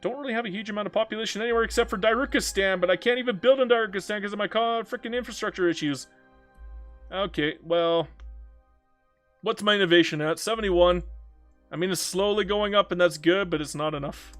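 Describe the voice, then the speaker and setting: A man streaming a strategy game, chatting casually with viewers and joking to himself, swinging between loud outbursts and low mutters. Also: a little fast, faint music behind. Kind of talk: casual live-stream commentary.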